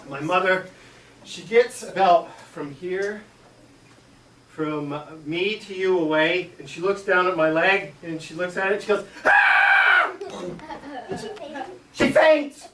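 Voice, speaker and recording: A man, a school superintendent, telling a childhood story to schoolchildren and acting out the yelps and shouts. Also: sits high, a little hiss or hum. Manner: animated, acts out yelps and shouts. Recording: echoey room, mic far off.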